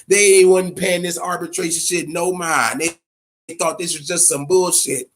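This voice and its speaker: A man hosting a boxing commentary vlog, ranting casually in a profane, blunt, animated way. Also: high-pitched, normal speed. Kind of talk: casual opinion rant.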